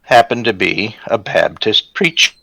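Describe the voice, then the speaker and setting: Middle-aged man, low voice with a crisp edge, animated family storyteller. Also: unhurried, dry recording, rough recording. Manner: chatty, animated when quoting others. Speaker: parent telling family stories. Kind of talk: casual storytelling chat.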